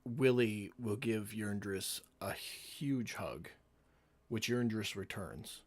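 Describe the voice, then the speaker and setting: A man's voice: fairly low pitch, takes it slowly, no echo. A man describing his character's actions in the third person during a tabletop game. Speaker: player. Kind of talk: tabletop role-play narration.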